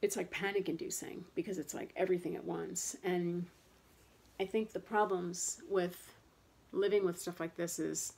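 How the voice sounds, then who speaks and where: Gravelly-voiced woman venting about pain. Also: lowish voice, steady tone, moderate pace, a little mellow. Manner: rambling, candid, frustrated, many fillers and restarts. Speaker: vlogger talking about chronic pain. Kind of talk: casual personal monologue.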